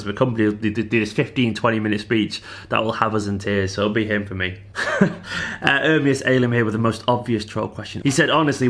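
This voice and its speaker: Fast-talking Mancunian man. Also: on the low side. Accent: Manchester. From Manchester, England. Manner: chatty, animated, banters with viewers. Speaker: football fan vlogger. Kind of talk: casual Q&A vlog.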